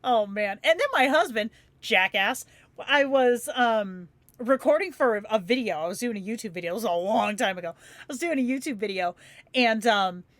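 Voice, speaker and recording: A woman who grew up in Phoenix chats loosely with her livestream viewers. She laughs easily and swears without a second thought. Her voice sits a bit high and sounds dry and close. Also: animated, normal speed, fairly bright tone, dry recording. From Phoenix, Arizona, USA. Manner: chatty, laughs often, swears freely, says "yo". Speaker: livestream host. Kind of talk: casual chat with live viewers.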